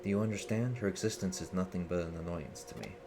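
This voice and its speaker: A man's voice: low voice, expressive, quick pace. A man reading the lines of an earnest, idealistic young male hacker leader in a formal, solemn way. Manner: formal, solemn speeches read aloud. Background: game music.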